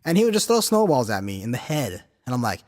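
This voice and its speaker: This podcast host, a man in his thirties, talks at a quick pace in a mid-range voice, spinning loose, profane stories. He laughs along, stays animated, and uses tons of filler. A long reverb tail follows his words.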